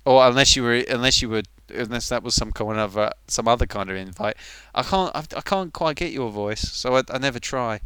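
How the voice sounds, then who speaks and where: Man, live streamer, casual rambling chat, self-mocking, smooth resonant voice, dry close sound. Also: medium pitch, brisk, few pauses, a bit bright, dry recording.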